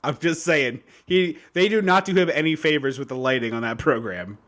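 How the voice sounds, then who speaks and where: A man co-hosting a podcast in casual chat, ranting in a lively, mocking way. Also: on the high side, brisk. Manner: animated, mocking rants. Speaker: podcast co-host.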